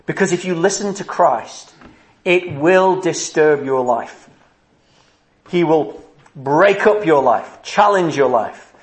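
Man, preacher, earnest sermon, rhetorical questions, slightly high voice, roomy echo. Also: lively intonation, slow pace.

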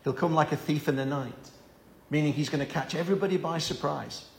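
A man's voice: fairly high pitch, fairly quick, vocal fry, echoey room, a little hiss or hum. A man preaching an evening Bible-study sermon, earnest and given to repeating words as he stresses a point.

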